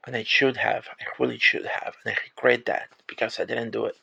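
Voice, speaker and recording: A man from Puerto Rico who works in retail, venting his frustration to the camera in an exasperated, swearing rant full of halting restarts. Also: medium pitch, level tone, vocal fry, bright, forceful tone, breathy edge, lo-fi sound. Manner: halting restarts when upset. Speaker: retail worker.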